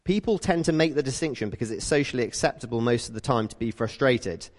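A British man giving a conversational sermon, telling stories in a lively way and acting out the people in them. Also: medium pitch, quick pace, in a large hall. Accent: British English. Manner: lively storytelling, acts out quoted people. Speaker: preacher.

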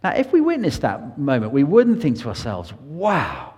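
A man's voice: medium pitch, huge pitch swings, fairly quick, dark tone, big-room sound. A man preaching an earnest sermon in a church, his voice rising and falling for emphasis.

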